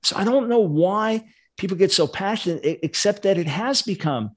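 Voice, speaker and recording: A man's voice: high voice, lively intonation, normal speed. An older man, a Bible scholar, explaining his view earnestly in a casual livestream discussion.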